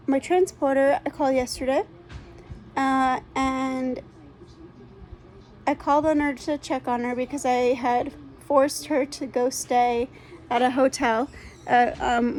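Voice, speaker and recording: A woman's voice: high voice, darkish tone. A woman who runs a dog rescue gives a casual spoken update from home into a phone camera. She sounds congested and rambles with lots of ums and restarts.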